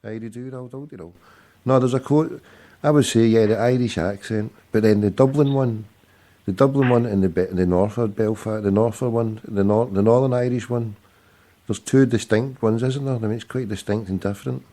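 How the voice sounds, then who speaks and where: A man's voice: lowish voice, moderate pace, dark tone. A man hosting a casual radio show, swearing constantly and teasing his guest bluntly. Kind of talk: casual chat.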